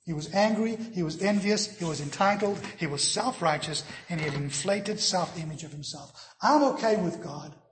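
A man's voice: on the high side, normal speed, few pauses, a little hiss or hum. Emphatic preaching man, echoey room. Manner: emphatic preaching, swells loud then drops to hushed near-whispers. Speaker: pastor. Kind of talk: sermon.

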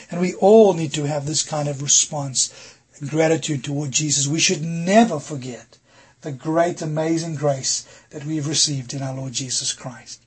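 Middle-aged male pastor, very raspy tone, pitched a touch high, earnest sermon delivery. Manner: earnest preaching with rhetorical questions to the congregation.

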